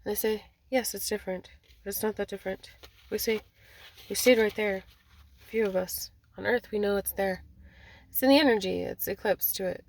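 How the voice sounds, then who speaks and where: A woman's voice: mid-range voice, steady tone, moderate pace, a little mellow. A woman giving an intuitive card reading in a rambling, repetitive way, often speaking quoted messages aloud. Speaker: spiritual card reader.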